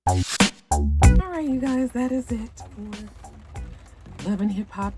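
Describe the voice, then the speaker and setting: A woman's voice: medium pitch, very slow, loud music behind the voice. A woman hosting a casual reality TV recap, sassy and profane, acting out what people said. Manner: sassy, animated, profane storytelling; acts out quotes in shifting voices.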